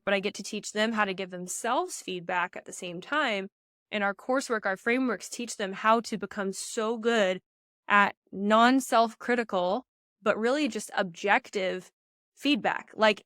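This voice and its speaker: With a fairly high-pitched voice and studio-quality sound free of room noise, a young woman who coaches pageants gives forceful podcast advice. She addresses listeners as "you guys," full of energy despite being heavily pregnant and a bit winded.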